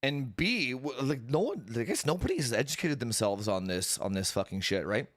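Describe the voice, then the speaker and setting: A man's voice: mid-range voice, big pitch swings, moderate pace, fairly bright tone, dry recording, clean studio sound. A young man streaming, chatting casually and ranting with lots of swearing and exasperation.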